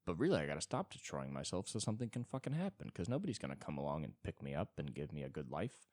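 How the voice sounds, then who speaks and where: A young man hosting a solo comedy podcast, rambling and self-deprecating, with sudden jumps into high-pitched bits. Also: big pitch swings, fast, a little mellow, no room sound, studio quality. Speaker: podcast host.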